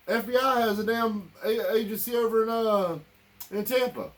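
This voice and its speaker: A man with a drawl rants to his listeners, heated and circling back on his own words. His voice sits a touch higher than most men's. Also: moderate pace. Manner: heated, repetitive, addresses listeners as y'all. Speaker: political commentator. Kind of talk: angry political rant.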